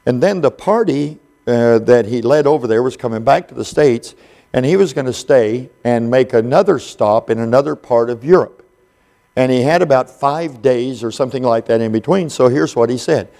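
A man preaching a sermon in an unhurried, folksy storytelling way, with frequent pauses and fillers. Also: medium pitch, vocal fry, warm tone.

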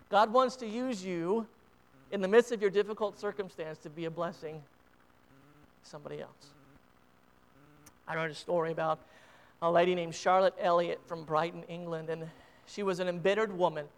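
A man's voice: high voice, clear, resonant tone. A man preaching a sermon in a church, fervently rising and falling in volume. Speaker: pastor. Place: church sanctuary. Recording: long church reverb.

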